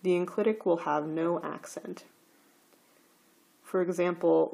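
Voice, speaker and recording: A woman teaching a recorded slide lecture, explaining grammar rules slowly and carefully. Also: on the low side, fairly even intonation, gravelly, mellow.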